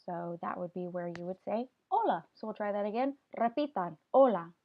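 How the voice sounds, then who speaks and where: A woman's voice: medium pitch, animated, fairly quick, lo-fi sound. A woman teaching a Spanish vocabulary lesson, patiently explaining each word step by step and having students repeat after her. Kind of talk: classroom video lesson.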